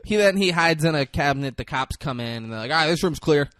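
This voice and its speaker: A man's voice: a little high, fast, no echo, clean studio sound. Man animatedly recapping a movie. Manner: animated retelling, acting out characters in quotes. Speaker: podcast co-host. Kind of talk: casual movie recap chat.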